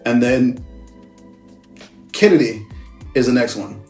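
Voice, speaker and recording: Speaking slowly in a medium-pitched, slightly mellow voice, this male movie reviewer runs through a plot in a casual, meandering way. Expect profanity and frequent self-corrections, with faint music behind him.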